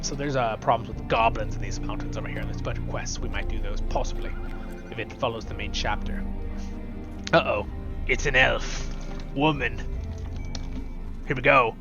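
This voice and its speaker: A man's voice: medium pitch, moderate pace, pauses often, highs cut off. A Scottish man hosting a casual let's-play, talking off the cuff and chattily over game music. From Scotland. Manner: chatty, off-the-cuff, self-deprecating. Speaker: host.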